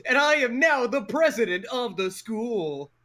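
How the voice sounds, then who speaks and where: A man's voice: very high-pitched, animated, unhurried, sharp tone, full character voice. A man putting on a pompous villain emperor who makes grandiose, theatrical proclamations. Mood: proclaiming. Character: pompous male villain emperor seizing a school.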